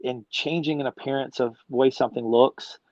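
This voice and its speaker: A man's voice: medium pitch, steady tone, a little fast, a little mellow, no echo. Enthusiastic middle-aged man, dull dry audio. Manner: enthusiastic storyteller, slangy and rambling. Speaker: guest, business founder. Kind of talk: casual interview chat.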